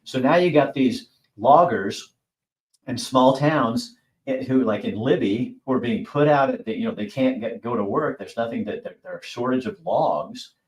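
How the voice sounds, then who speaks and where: A man's voice: mid-range voice, moderate pace, a little mellow, roomy sound, poor audio. A middle-aged man hosting a show, talking bluntly and casually, swearing and mimicking people in raised voices. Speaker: host. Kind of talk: casual opinion monologue.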